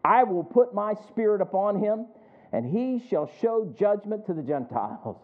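A man preaching a sermon in a strikingly high voice. He calls out to his listeners for responses and slows right down to stress each verse he reads. The sound is thin and tinny, like a phone line. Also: big pitch swings. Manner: calls for responses, quotes scripture slowly with emphasis.

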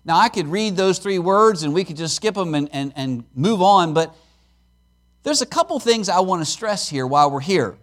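Male missionary preacher, high voice with big swings, emphatic sermon delivery with folksy humor. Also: moderate pace. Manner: lively preaching, rising to emphatic peaks with chuckles and asides.

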